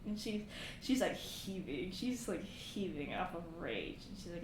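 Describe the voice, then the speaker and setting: A woman running a live tabletop game as game master, narrating in a casual, animated way with lots of fillers. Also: medium pitch, normal speed. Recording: echoey room, faint background hiss.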